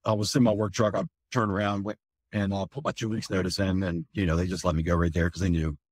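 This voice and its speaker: A firefighter, telling a candid, rambling personal story in an interview, full of fillers and swearing. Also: male voice, deep voice, little pitch movement, quick pace, husky, dry recording.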